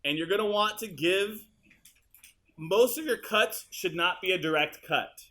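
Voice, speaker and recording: A male teacher walking students through an editing demonstration in a high school classroom, casual and chatty as he works. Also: measured pace, bright, forceful tone. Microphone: room mic, uneven audio quality.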